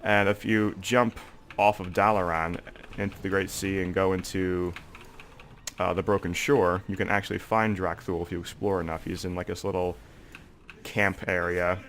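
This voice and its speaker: Stuffed up and nursing a sore throat, this young gaming video creator rambles casually over his gameplay, leaning heavily on "like" and "um." His deep voice keeps a level tone at a moderate pace and sounds fairly bright. A little hiss or hum can be heard.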